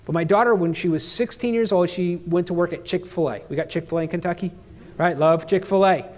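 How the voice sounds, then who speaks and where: A middle-aged man giving an energetic motivational keynote, talking straight at the audience in punchy phrases. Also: high-pitched, brisk. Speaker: keynote speaker.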